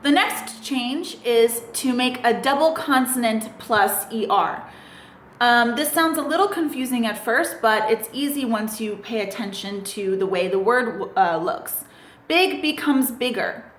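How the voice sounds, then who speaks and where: A woman's voice: a little high, lively intonation, unhurried, slight background noise. A woman teaching English grammar in a recorded lesson, patiently spelling out letters and asking the listener questions. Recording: echoey room.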